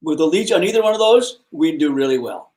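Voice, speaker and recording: A man's voice: fairly high pitch, animated, fairly quick, a little mellow. A man co-hosting a live fishing show, telling stories bluntly, laughing and swearing as he talks.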